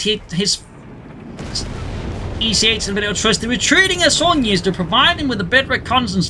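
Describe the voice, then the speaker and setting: High-voiced man casting a game replay. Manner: brisk play-by-play with history asides. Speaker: game caster. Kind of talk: play-by-play commentary of a strategy game replay. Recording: game sounds and engine noise behind the voice. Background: in-game battle sounds and vehicles.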